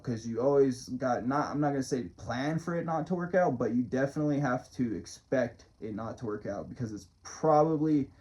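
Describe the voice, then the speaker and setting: Talking straight into the camera in a motivational-vlogger style, this man rambles casually, cursing without restraint and chuckling as he goes. His mid-range voice is slightly mellow, and the recording sounds muffled.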